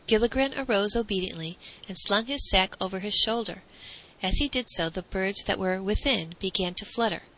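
A woman narrating a classic storybook in a calm, measured reading. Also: mid-range voice, rough recording.

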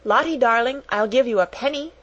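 A fretful schoolgirl pleads in a high, anxious voice, put on by a woman reading aloud. A storybook side character. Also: brisk, a bit bright, muffled recording.

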